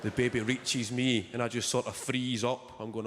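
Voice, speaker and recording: Deadpan Scottish comedian in a big hall. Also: male voice, mid-range voice, moderate pace. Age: young adult. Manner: deadpan storytelling, swears casually. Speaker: stand-up comedian. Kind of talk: stand-up comedy set. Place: large theatre stage. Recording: live hall reverb, loud audience noise.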